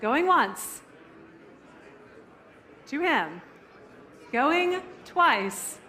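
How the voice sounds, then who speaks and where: A female auctioneer calls bids briskly and teases the bidders in a live auction room. Her voice is high and sharp, with big swings in pitch.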